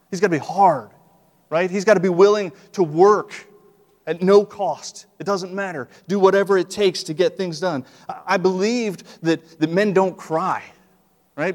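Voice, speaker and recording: A middle-aged man delivers a sermon in a relaxed, folksy manner, tossing in frequent asides to his listeners. His voice sits a little higher than most men's. A long reverb trails each phrase, as in a large church hall. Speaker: preacher.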